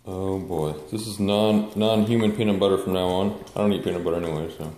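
A man chatting casually to his dog while feeding it, jumping into high baby-talk. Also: steady tone, fairly quick, darkish tone, reverberant, a little hiss or hum. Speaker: dog owner vlogger.

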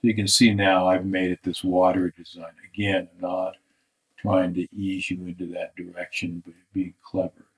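A male art instructor giving a live drawing critique, thoughtful and halting, often trailing off into soft mutters. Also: low-pitched, level tone, poor audio.

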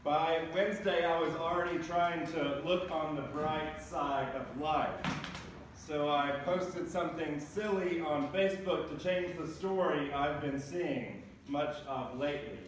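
A man preaching a sermon as pastor, telling funny everyday stories in a lively way. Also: on the high side, unhurried, background noise. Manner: humorous storytelling preacher. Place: large church sanctuary. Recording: echoey church recorded from a distance.

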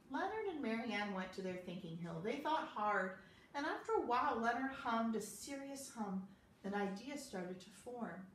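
A woman librarian reading a picture book aloud at bedtime, with an expressive, lively delivery. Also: mid-range voice, slight background noise. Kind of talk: bedtime storybook read-aloud. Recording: echoey room, voice a bit far from mic.

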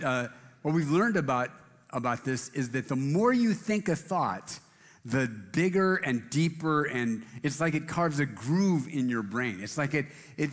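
A man's voice: mid-range voice, long reverb tail. A man preaching a casual sermon in a church, rambling and self-deprecating, with many restarts. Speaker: pastor. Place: church auditorium.

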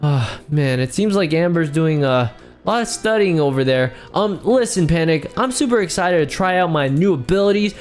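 A man playing a would-be hero dad in a Minecraft role-play, excitable and jumpy, exclaiming often. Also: on the high side, normal speed, faint music behind. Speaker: YouTube gamer in role-play.

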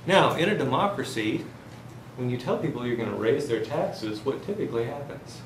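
In an echoey classroom with a faint hiss, a man lectures on university finance in a medium-pitched, expressive voice at normal speed. His style is joking and story-driven, and he puts questions to the class.

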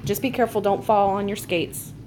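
A woman's voice: mid-range voice, steady tone, brisk, darkish tone. A mother filming a casual family vlog at home, teasing playfully and laughing often. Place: at home, kitchen. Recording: home video with dishwasher noise.

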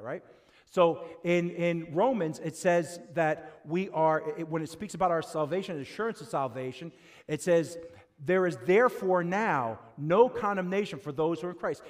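An American man preaching an expository sermon as pastor, acting out quoted voices and often asking the congregation "right?". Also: fairly high pitch. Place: church sanctuary.

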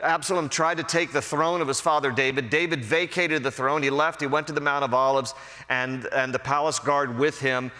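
A male pastor leads a verse-by-verse Bible study, telling the story in a relaxed, animated way. His voice is bright and forceful, at an ordinary pitch for a man. The sound rings with the long reverb of a large church sanctuary. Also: moderate pace. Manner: conversational, animated storytelling with acted-out quotes.

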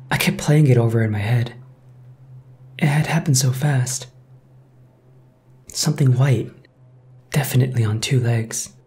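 Man narrating a horror story, measured and tense. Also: mid-range voice, darkish tone.

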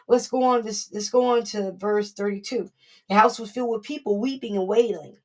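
A woman's voice: on the high side, steady tone, brisk. A woman preaching a conversational sermon in an informal, earnest manner, acting out the voices she quotes as she goes. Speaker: prophetess preaching.

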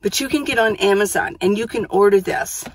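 A woman's voice: medium pitch, brisk, slight background noise. A woman vlogging about living full time in her minivan, chatting to the camera in a casual way, repeating herself and thinking aloud as she goes. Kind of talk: casual vlog talk to camera. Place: outdoors then inside a minivan.

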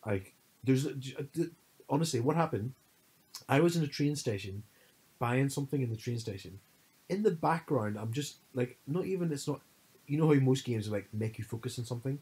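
A man co-hosting a podcast, telling stories in an animated, casual chat full of fillers. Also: medium pitch, fairly quick, slightly rough, poor audio. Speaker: podcast co-host.

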